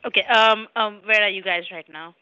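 A woman's voice: mid-range voice, normal speed, pushed and bright, clean tone. A woman working as a hotel receptionist on a phone call, asking patient, polite questions. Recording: dull lo-fi phone sound, faint noise.

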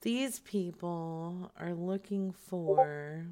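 A woman's voice: lowish voice, very slow, mellow, slight background noise. A woman hosting a radio show, chatting casually and crudely between prank phone calls. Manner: crude, joking, laughs often.

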